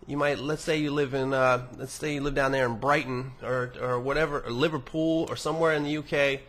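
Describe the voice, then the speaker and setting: A man's voice: medium pitch, fairly even intonation, brisk, a bit bright. A young man hosting a podcast, reading listener emails aloud and answering them in a rambling, profane, casual monologue with many restarts.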